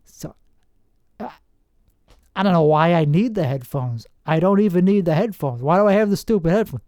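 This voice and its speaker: A man's voice: high-pitched, expressive, moderate pace, darkish tone, no room sound, clean studio sound. A man hosting a solo podcast, rambling in a sarcastic, self-deprecating way. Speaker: podcast host.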